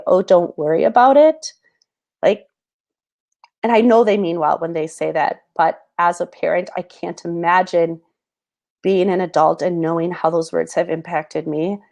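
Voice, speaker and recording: A woman in her thirties talks straight to her viewers in an earnest, halting way, full of fillers and restarts. Her voice sits a little low, and she sounds close to tears. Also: creaky, a little mellow. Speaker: host. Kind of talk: personal talk to camera.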